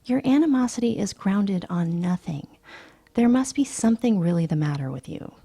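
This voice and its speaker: A woman voicing a sharp, petulant young socialite with a breathy, sing-song delivery in an audiobook reading. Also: mid-range voice, expressive, normal speed. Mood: snippy. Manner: snippy and dismissive.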